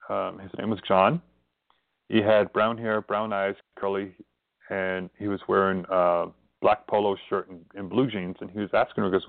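A man with a fairly low, gravelly voice tells stories on his spiritual radio show in an earnest, rambling way. The sound is tinny and phone-like. It is dry and close, with no room echo. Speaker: radio host and spiritual reverend. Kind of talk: casual radio monologue. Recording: tinny phone-line call-in audio.

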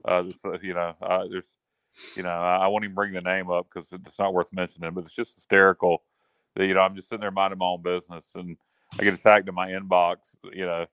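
A man's voice: low-pitched, flat delivery, fast talker, a bit bright, clear, resonant tone, dry recording. A man co-hosting a casual sports chat show, joking and self-mocking. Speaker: podcast co-host.

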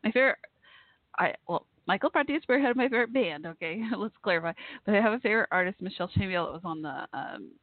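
A woman hosting a live call-in show, chatting casually and giggling often, warm and effusive toward her listeners. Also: medium pitch, animated, fast talker, no room sound. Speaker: radio show host. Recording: tinny phone-like line, dry.

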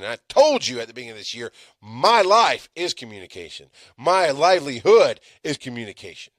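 Profane, animated man ranting on a podcast. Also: a little fast, hardly any pauses, dry recording, clean studio sound. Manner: profane, exasperated, swinging from loud outbursts to low mutters. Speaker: podcast host. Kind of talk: live podcast rant.

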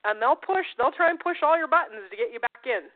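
A woman's voice: sits high, expressive, fast. A woman co-hosting a talk show, speaking in a conversational way and sometimes acting out other people. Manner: conversational, acts out quoted people. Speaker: co-host. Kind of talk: casual talk show chat. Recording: tinny phone-like line.

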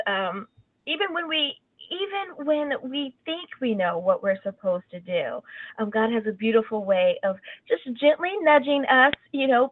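A woman hosts an interview show and reads her breaks and promos in a steady, measured way. Her voice is squeezed into a tinny phone band and sounds dry, with no room around it. Her pitch is middle for a woman. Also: dry recording. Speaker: talk show host.

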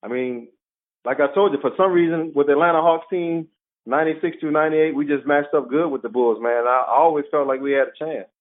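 A man's voice: on the high side, a little fast. A man who played pro basketball, telling stories in an interview and acting out the quotes. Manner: animated storyteller, acts out quotes. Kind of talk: storytelling interview. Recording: tinny phone-like line.

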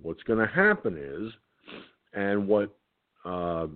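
A tired man hosting an internet radio show, reading a document aloud haltingly with his own comments, stumbling and restarting words. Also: fairly low pitch, very animated. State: tired, keeps yawning. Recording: tinny phone-like line.

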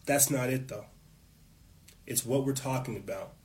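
A man's voice: mid-range voice, measured pace, darkish tone. Fired-up man ranting on his show. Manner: fired up, profane, preachy. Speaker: show host. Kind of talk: impassioned political monologue.

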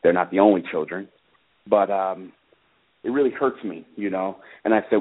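A man with a fairly low voice calls in over a thin, tinny phone line. He speaks earnestly and haltingly, with plenty of ums and uhs, as he recounts what happened to him. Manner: earnest, halting, many fillers. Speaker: father calling in about his case. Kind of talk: personal account on a call-in radio show.

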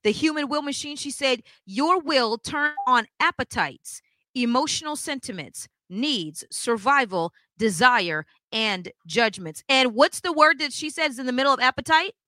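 A woman teaches in an emphatic preaching style, her voice sitting high and ringing bright. She fires pointed questions at her listeners. The recording is close and dry. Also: animated, unhurried, dry recording. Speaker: co-host of a church broadcast.

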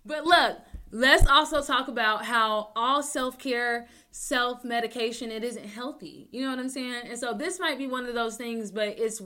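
A young adult woman hosting her own talk show, rambling with many restarts, joking to deflect, swinging between loud bursts and soft mumbles. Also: on the high side, moderate pace, few pauses. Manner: rambling, self-interrupting, jokes to deflect. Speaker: podcast host. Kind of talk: casual personal talk show.

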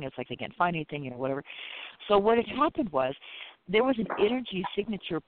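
A man's voice: sits high, expressive, fast talker. A man who practices Reiki, chatting casually in a rambling way, full of "you know" and "it's like". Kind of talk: casual chat. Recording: tinny phone line, dry.

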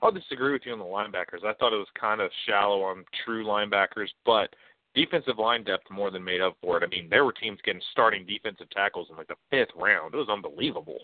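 A man hosting casual sports chat, laid-back and opinionated. His voice is mid-pitched and comes over a dry, tinny phone-like line. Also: fast, no echo. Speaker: host.

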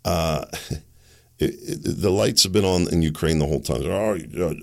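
With a low voice full of vocal fry, a middle-aged man hosts a political opinion monologue at a moderate pace. He rants with sarcasm, scornful laughter and mocking asides aimed at his targets.

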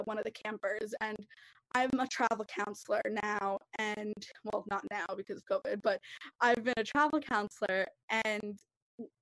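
A woman's voice: medium pitch, dry recording, rough recording. A young woman in a podcast group discussion, talking earnestly and rambling with lots of fillers. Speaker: podcast participant.

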